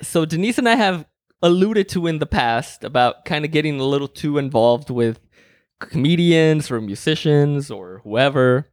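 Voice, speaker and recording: A man's voice: on the high side, animated, moderate pace, dry recording. A man co-hosting a casual podcast, wry and joking, rambling a little, on a close mic. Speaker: podcast co-host. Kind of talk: casual chat.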